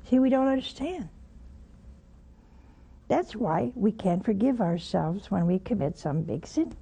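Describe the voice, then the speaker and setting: A woman's voice: mid-range voice, animated, unhurried, creaky, pauses often, mellow, breathy edge. A woman giving a spoken sermon, blunt and teasing, with pointed asides to her listeners. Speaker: religious broadcaster teaching scripture.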